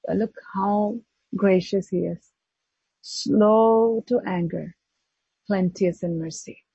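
Woman preacher, husky voice, goes high then drops low for emphasis, kinda muffled lo-fi sound. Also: no room sound. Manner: animated, swings between high exclamations and low hushed emphasis. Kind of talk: sermon.

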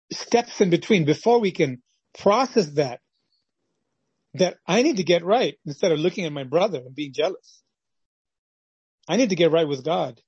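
A male preacher delivers an impassioned devotional sermon, acting out the quoted voices of God and Cain from his story. His voice is fairly high, a little mellow and husky, in a lo-fi recording with no room sound.

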